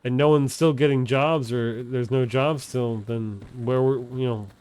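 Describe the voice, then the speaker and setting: A man's voice: mid-range voice, fairly even intonation, measured pace, a little mellow, clean tone, no room sound. Profane, rambling male streamer. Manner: rambling, profane, trails off and restarts often. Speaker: live streamer. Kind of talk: casual chat while gaming on stream.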